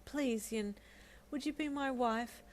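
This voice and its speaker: A woman voicing a gentle young man who stammers and pleads earnestly in a fan fiction audio reading. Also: high voice, moderate pace, a little hiss or hum, voice pushed up, close to an everyday voice. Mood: tender.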